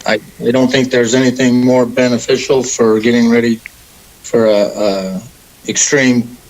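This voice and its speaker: A young man, a mixed martial arts fighter, answering interview questions in a relaxed, rambling way with many fillers. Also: mid-range voice, a little slow, low-quality recording. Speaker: MMA fighter, guest.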